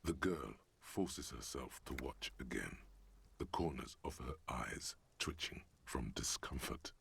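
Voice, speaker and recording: The inner voice of a video game in a measured, grave way. The voice sits extremely low and rumbles. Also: male voice, lively intonation, gravelly, fairly bright tone, breathy edge, whispered, full character voice. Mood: narrating. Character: deep, measured inner-voice narrator. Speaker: game narrator. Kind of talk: scripted game narration.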